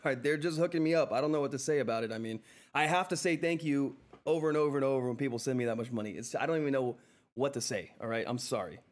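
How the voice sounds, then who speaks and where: A man's voice: medium pitch, quick pace. A man hosting a live stock-trading stream, flustered and effusive, thanking viewers again and again and laughing often. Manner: excitable, flustered exclamations. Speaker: livestream host reading viewer chat. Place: seated in a chair at home.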